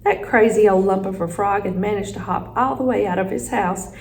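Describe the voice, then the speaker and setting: A woman teacher reading a children's chapter book aloud with expressive storytelling. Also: medium pitch, fairly quick, rough recording.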